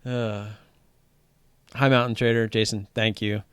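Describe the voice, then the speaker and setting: A man hosting a live stream about day trading, chatting casually and getting excited, swearing freely and restarting his sentences. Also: on the low side, measured pace, smooth, dry recording. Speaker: livestream host talking day trading. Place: home streaming setup wearing headphones.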